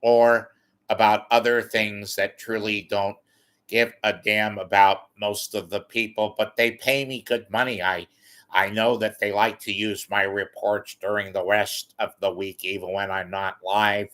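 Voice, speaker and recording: A man impersonating a smug male radio sports reporter who talks slowly and with self-satisfaction. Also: fairly low pitch, little pitch movement, fairly bright tone.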